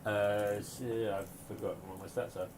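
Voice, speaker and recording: A man's voice: fairly low pitch, steady tone, moderate pace. Teasing man, tabletop player. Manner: teasing, offhand. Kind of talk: tabletop game play. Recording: background noise.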